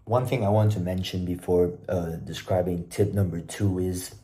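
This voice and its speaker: Young man, very low and even voice, mellow tone, casual self-recorded tips. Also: moderate pace. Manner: relaxed, conversational, self-deprecating. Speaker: presenter giving speaking tips. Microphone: self-recording camera.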